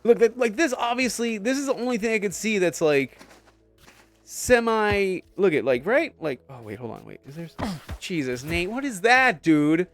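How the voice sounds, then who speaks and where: Young man, game streamer, slightly higher voice, sarcastic banter, casual swearing, faint music behind. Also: animated, normal speed, a bit bright. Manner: joking, sarcastic, swears casually, laughs often. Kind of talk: live game stream, reading chat.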